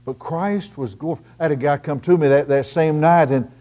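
A middle-aged male pastor delivering a sermon in a fairly high voice. He swings from loud, emphatic preaching to quiet, hushed storytelling. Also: fairly quick.

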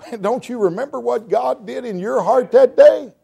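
A middle-aged man, preaching a sermon and telling his testimony with emotion, shouting at times and stammering as he restarts words. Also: very high-pitched, normal speed, creaky, husky.

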